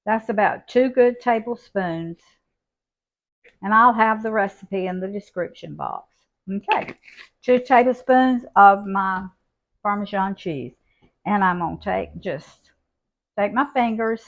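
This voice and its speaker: A slow, easygoing older woman with a drawl walks through a recipe in her home kitchen. She talks in a folksy, homey way and never rushes her words. Her voice sits at an ordinary middle pitch. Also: vocal fry. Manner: folksy, unhurried, homey talk. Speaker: cooking channel host. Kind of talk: home cooking demonstration.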